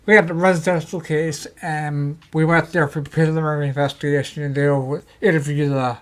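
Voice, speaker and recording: Animated man telling paranormal stories. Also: on the high side, fairly quick. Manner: animated storyteller, acts out quotes. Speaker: guest. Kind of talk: casual chat.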